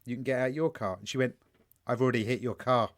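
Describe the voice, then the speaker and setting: A young man co-hosting a casual podcast, rambling through stories with plenty of swearing. He keeps slipping into quick mock quotes of what people said, then drops back into his everyday mid-pitched voice. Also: fairly even intonation. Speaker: podcast co-host. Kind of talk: casual chat.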